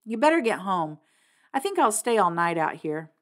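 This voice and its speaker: A woman voicing a shy, quiet teenage boy speaking softly in a storybook reading. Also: medium pitch, big pitch swings, normal speed, lightly acted. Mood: drowsy.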